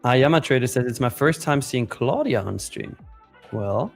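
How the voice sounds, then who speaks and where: A man's voice: medium pitch, lively intonation, moderate pace, creaky, soft background music. A man co-hosting a live stream, joking around and reading viewer comments aloud in casual chat. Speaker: stream co-host.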